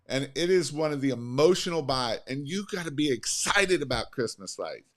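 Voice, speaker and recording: A man hosting a podcast, coaching on sales in an energetic, emphatic way and repeating his points. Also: medium pitch, moderate pace. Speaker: podcast host. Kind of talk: casual sales coaching chat.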